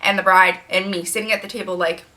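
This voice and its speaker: Chatty young woman with a bright voice. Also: medium pitch, fast. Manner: chatty, profane, animated storytelling. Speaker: freelance makeup artist. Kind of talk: casual storytime while doing makeup.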